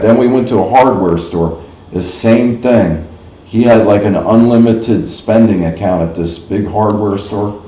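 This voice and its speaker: Chatty middle-aged man, low voice, roomy echo. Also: a little slow, warm tone. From New York / New Jersey. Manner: chatty, folksy, laughs at his own stories. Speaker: livestream host. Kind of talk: casual rambling storytelling.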